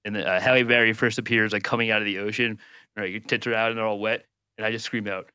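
Laughing bright-voiced podcast guest. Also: male voice, on the low side, fairly even intonation, fast, clean tone, no room sound. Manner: laughing, rambling anecdotes with fillers. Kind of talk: casual chat.

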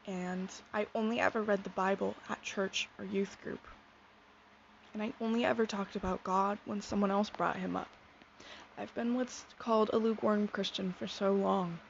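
A young woman in her teens sharing a personal faith testimony in a sincere, soft-spoken, reflective way. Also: mid-range voice, gravelly. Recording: dull lo-fi sound with faint noise.

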